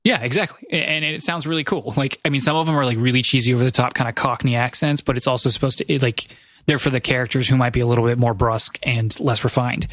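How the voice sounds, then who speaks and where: A man's voice: medium pitch, fairly even intonation, fast talker, fairly bright tone, no room sound, clean studio sound. A man hosting a casual gaming podcast, rambling and correcting himself as he tells a story. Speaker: podcast host. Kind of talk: casual chat.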